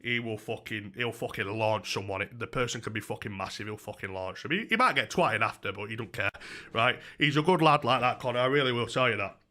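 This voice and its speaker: A man's voice: mid-range voice, fairly quick. A young man, a streamer telling a rambling story full of swearing and restarts. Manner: profane, excitable, rambling with many restarts. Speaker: YouTuber streamer. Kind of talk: casual storytelling on a livestream.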